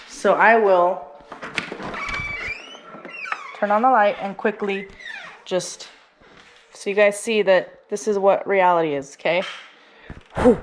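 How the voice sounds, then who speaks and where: A woman's voice: medium pitch, a little hiss or hum. A woman family vlogger giving a chatty, casual tour of her house and explaining each room. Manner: chatty, explaining as she walks.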